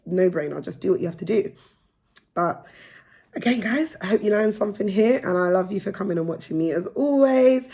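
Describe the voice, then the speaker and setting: A young woman chatting frankly and with energy to her phone camera as a vlogger. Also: on the low side. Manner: frank, animated, laughs between points. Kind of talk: casual chat to camera.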